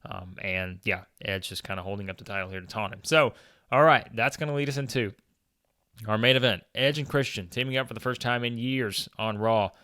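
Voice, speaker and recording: A man narrates a wrestling sim playthrough in a loose, chatty way, full of fillers and small chuckles. His voice sits low but comes across bright and smooth. It is recorded close and dry. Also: fairly quick, no room sound. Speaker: gaming video host.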